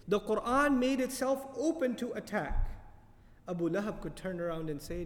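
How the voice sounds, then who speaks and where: A man giving a tafsir lecture as a Quran teacher, animated and often putting questions to his audience. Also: sits high, normal speed, big-room sound.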